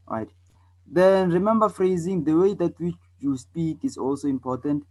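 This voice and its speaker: A man's voice: a little high, poor audio. A man from South Africa teaching a debate lesson, repeating points and checking in often with "okay?" and "all right". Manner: demonstrates loud and soft, fast and slow speech.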